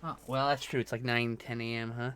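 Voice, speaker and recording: A man's voice: mid-range voice, level tone, a little fast, a bit bright, clear, resonant tone. A man chatting casually on a live stream, rambling and self-mocking, swearing freely.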